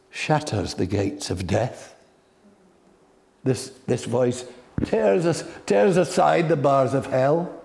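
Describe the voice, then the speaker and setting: Man, preacher, sermon, slow, gravelly, emphatic. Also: a little high. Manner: slow, rising to loud emphatic peaks.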